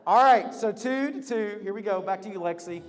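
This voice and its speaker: A man hosting a lively game for a group, upbeat and teasing, laughing often. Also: high-pitched, a little fast, in a large hall, soft background music. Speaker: youth leader hosting a game.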